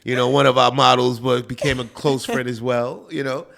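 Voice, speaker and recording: A man hosts a relaxed interview. His voice is gravelly and rough at the edges. He rambles through his stories and keeps dropping "you know.". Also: medium pitch, moderate pace. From Queens, New York. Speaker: host. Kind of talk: casual interview chat.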